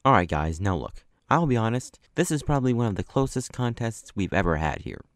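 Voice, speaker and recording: A man voicing a stern adult male cooking instructor who scolds loudly and demands answers. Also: lowish voice, big pitch swings, fairly quick, no echo, studio quality. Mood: formal.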